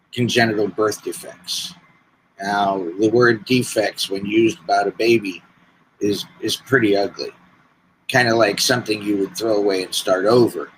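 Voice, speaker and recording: Guy in his 60s telling his story slow, bright low voice, faint hum behind. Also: rough recording. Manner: slow, deliberate storytelling with pauses. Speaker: podcast guest. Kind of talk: personal storytelling.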